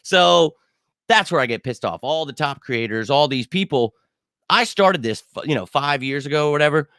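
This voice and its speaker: Male sports show host, mid-pitched, dry close sound, heated and cocky, swears freely while riffing on live chat. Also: expressive, brisk, a bit bright, no room sound. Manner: heated, profane, swaggering; answers live chat comments. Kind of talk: casual livestream rant.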